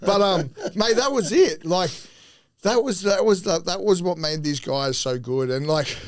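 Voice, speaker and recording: A man with a slightly higher-than-usual voice rambles through sporting yarns on a podcast. He swears freely, stumbles and restarts, and breaks into laughter partway through his sentences. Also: animated, measured pace. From Australia. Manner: profane, rambling, often laughing mid-sentence. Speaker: former rugby league player, podcast guest. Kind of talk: casual podcast chat, telling stories.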